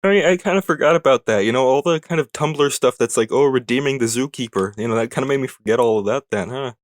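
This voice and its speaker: A man's voice: mid-range voice, quick pace, no echo, clean studio sound. A man playing a tabletop game, talking casually with hesitant restarts. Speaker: player.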